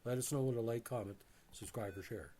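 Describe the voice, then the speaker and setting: Halting man hosting a movie review. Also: mid-range voice, slight background noise. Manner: halting, frequent "uh" fillers and restarts; addresses viewers as ladies and gentlemen. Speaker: movie review channel host. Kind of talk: reading a bio then offering opinions.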